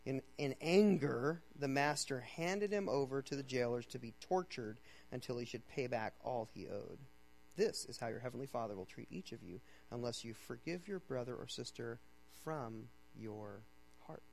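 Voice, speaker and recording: Man preaching a conversational sermon, slightly high voice. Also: moderate pace, rough recording. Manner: conversational, checks in with "okay?" and "right?"; swings from loud emphatic reading to low quiet urging. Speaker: pastor.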